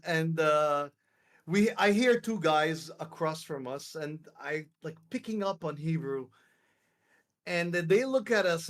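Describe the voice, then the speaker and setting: A young man from Lebanon telling a story on a live stream, acting out quotes and swearing freely. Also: on the high side. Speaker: streamer hosting a live call. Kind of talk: casual storytelling chat.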